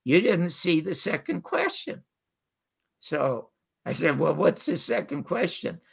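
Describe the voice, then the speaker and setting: An older man telling animated stories as a guest, quoting the people in them. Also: on the high side, unhurried, vocal fry, slightly rough. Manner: animated storyteller quoting others. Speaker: guest storyteller. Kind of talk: casual interview anecdotes.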